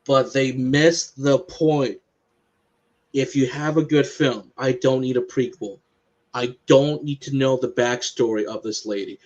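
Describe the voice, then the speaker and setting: Casting: male co-host, mid pitch, emphatic and opinionated, slightly muffled lo-fi sound. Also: fairly even intonation, unhurried, a little mellow. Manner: opinionated, emphatic film takes. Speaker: podcast co-host. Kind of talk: casual chat. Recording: slightly dull lo-fi audio.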